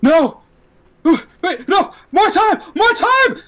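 A frantic, shrill voice of a robed man pleading for mercy, put on by a man narrating a tabletop game. The voice jumps high and strains. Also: very animated, slow, a bit bright, heavily acted. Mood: panicked. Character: panicked man in purple robes begging for his life.

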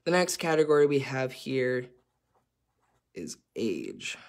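A man's voice: mid-range voice, huge pitch swings, takes it slowly, creaky. A man facilitating a workshop, explaining a chart in a conversational way with frequent ums and uhs.

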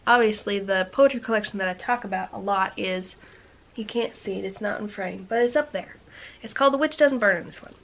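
A woman chats to her camera in a quick, energetic vlog style, tossing out playful rhetorical questions. Her voice sits in a middle register, and now and then she slips into soft, half-whispered asides. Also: medium pitch, rough recording. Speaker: book vlogger. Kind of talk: casual vlog chat to camera.

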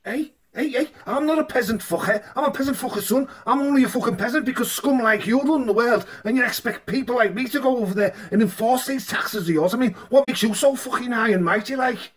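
A man's voice: very high-pitched, a little fast, few pauses, slightly rough, pitched above the performer's own voice. A man voicing an angry peasant who rants and swears at his king. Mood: indignant. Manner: ranting, indignant, swearing. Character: angry working-class male peasant, ranting.

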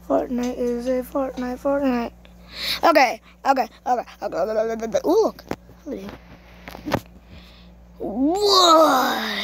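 A woman giving casual, excitable gameplay commentary, shrieking and cursing at what happens in the game. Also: sits high, slight background noise. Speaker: gamer.

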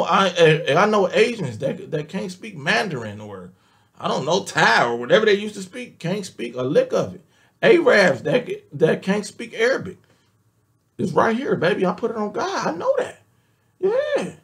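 High gravelly guy ranting, aave accent, swears a lot, pitch swings all over. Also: fairly bright tone. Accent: African American Vernacular English. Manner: emphatic, swears often, repeats oaths, voice leaps up when worked up. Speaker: vlogger ranting to camera. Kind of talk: heated monologue rant.

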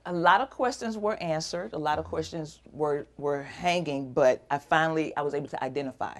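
A middle-aged woman appearing as a guest on an interview show tells an emotional personal story, animatedly performing the voices of the people she quotes. She speaks in a low voice at a slightly fast pace.

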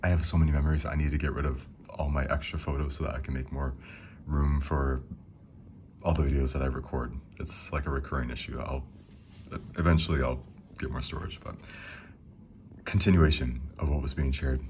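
Very deep voiced young guy, chatty and excited about bible verses, reads them slow, slight background noise. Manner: relaxed, rambling, enthusiastic; reads scripture slowly. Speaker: Christian speaker. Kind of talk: casual devotional talk.

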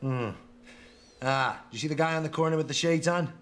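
An actor playing a bossy detective in a comedy sketch, speaking in a clipped, commanding way. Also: male voice, a little high, moderate pace, lightly acted.

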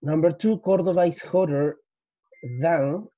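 Drilling grammar repetitively off his slides, a male English teacher shifts into Spanish to explain things. His voice is a little high and his pace measured; the recording is dry, dull and lo-fi.

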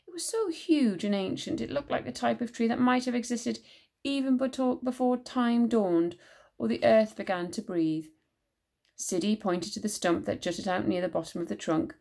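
A woman teacher reading a children's book aloud with expressive storytelling narration. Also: on the high side, moderate pace, gravelly.

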